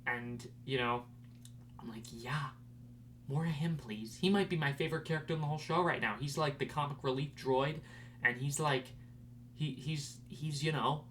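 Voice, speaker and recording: A young man hosting a podcast, rambling in casual chat with lots of fillers and excited fan talk. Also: medium pitch, moderate pace, a little hiss or hum. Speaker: podcast host.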